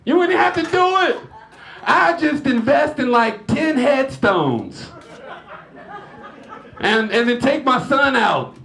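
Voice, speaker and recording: Animated high-voiced male stand-up comic. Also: takes it slowly, gravelly, long pauses. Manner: animated storytelling, acting out family members in shouted bits; laughs at his own jokes. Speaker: stand-up comedian. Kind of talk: stand-up comedy set. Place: lodge hall before a live audience.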